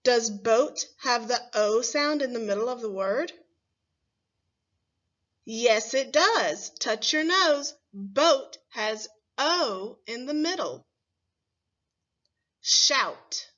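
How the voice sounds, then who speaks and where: A woman teaching a first grade phonics lesson, sounding out words slowly and clearly and asking the children questions. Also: on the high side, animated, fairly bright tone, lo-fi sound.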